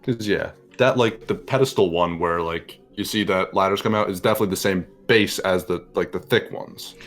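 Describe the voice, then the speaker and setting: A man's voice: low voice, moderate pace, faint music behind. A man casually chatting while playing a video game, mumbling and trailing off with fillers. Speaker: let's play host. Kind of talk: casual gaming chat.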